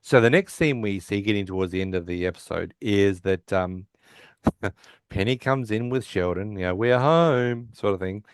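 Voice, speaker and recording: A man's voice: fairly low pitch, normal speed, smooth, dry recording, studio quality. A man co-hosting a podcast, casually retelling a sitcom episode scene by scene with lots of fillers and restarts. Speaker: podcast co-host.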